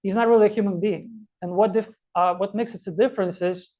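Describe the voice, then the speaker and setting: A man teaching a scripture class, telling stories and explaining verses with many pauses and restarts. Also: high voice, fairly even intonation, mellow. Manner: storytelling, many fillers and restarts.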